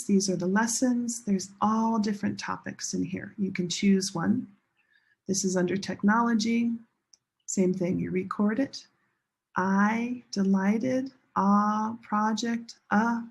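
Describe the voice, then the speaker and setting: A woman teaching English pronunciation to a class, slowly modeling sentence stress and repeating example sentences. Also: mid-range voice, fairly even intonation, gravelly, a little mellow, breathy edge. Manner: slow, drawn-out modeling of sentence stress with repetition. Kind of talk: classroom lesson demonstrating an app.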